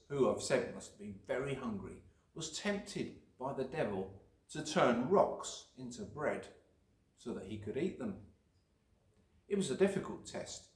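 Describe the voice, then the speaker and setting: Man telling children a Bible story. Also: mid-range voice. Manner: gentle, questioning, explaining. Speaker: church children's leader. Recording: echoey room.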